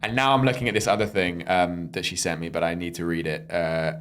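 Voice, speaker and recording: A man's voice: sits low, steady tone, fast, fairly bright tone. A man co-hosting a casual podcast, reading emails aloud with lots of fillers and bursts of laughter. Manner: laughs often while reading, trails off with fillers. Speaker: podcast co-host.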